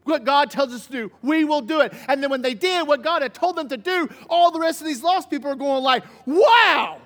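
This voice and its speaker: High-voiced preacher in a reverberant hall. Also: male voice, fast talker. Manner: animated, swings from loud emphasis to hushed. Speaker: pastor. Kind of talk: sermon.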